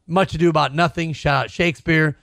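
A man's voice: fairly high pitch, steady tone, a little fast, vocal fry, fairly bright tone, no room sound, studio quality. A middle-aged man co-hosting a podcast, making jokes and wordplay in casual sports talk. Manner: jokey, wordplay-loving. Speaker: podcast co-host.

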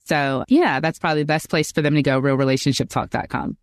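A woman's voice: low voice, steady tone, fast talker, no echo. Earnest woman marriage coach. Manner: earnest, instructive, quotes others. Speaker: podcast guest, marriage coach. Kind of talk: casual Christian podcast interview.

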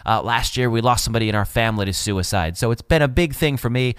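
A man's voice: mid-range voice, animated, fast, fairly bright tone, clear, resonant tone, no room sound. Chatty jokey podcast host man. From Wisconsin. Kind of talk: casual monologue.

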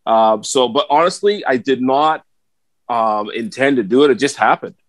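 A man's voice: medium pitch, normal speed, no room sound. A middle-aged man co-hosting a podcast, telling stories in a casual chat and often stammering and repeating words. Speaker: podcast co-host.

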